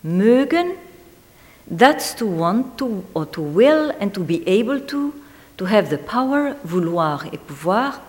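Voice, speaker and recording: A woman reading a literary essay aloud in a measured, deliberate way, lingering on single words. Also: mid-range voice, very animated, darkish tone. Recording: long hall reverb.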